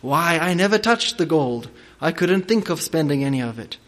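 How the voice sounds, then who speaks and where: A man reading out a frantic old miser from a storybook fable, voice lifted higher and louder as he wails over lost treasure. The voice sits a little above the usual male range, read at a measured pace. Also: expressive. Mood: indignant.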